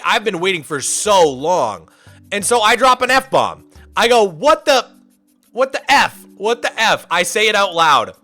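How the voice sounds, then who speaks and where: A male streamer telling a story in casual chat, animated and sarcastic, sometimes breaking into a shout. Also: high-pitched.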